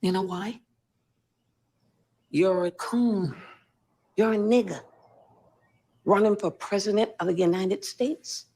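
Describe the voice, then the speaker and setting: Husky, cutting candidate's wife in a tv drama, bitter tone. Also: female voice, mid-range voice, steady tone, slow pace, long pauses, darkish tone. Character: sharp-tongued wife of a presidential candidate. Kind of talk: TV drama acting.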